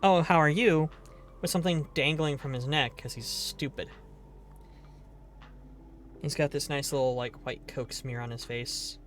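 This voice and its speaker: A man's voice: mid-range voice, fairly even intonation, measured pace, long pauses, a bit bright, a little hiss or hum. A man streaming a game live, chatting casually in a rambling, playful way and swearing now and then.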